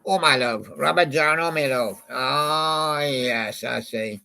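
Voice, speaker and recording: Slow, gravelly man rambling to himself. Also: medium pitch, sharp tone. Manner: meandering, reminiscing about old songs and talking to a toy badger. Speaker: channel host. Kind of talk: rambling casual monologue.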